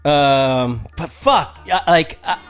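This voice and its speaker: A man's voice: a little high, slow pace, faint music behind. A man in his thirties, raised in Samoa, co-hosting a podcast in casual storytelling chat, rambling and laughing, with frank swearing. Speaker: podcast co-host.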